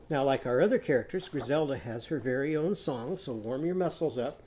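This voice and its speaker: A man teaching a children's lesson, talking gently and encouragingly straight to young students. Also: mid-range voice, expressive, a little fast, hardly any pauses.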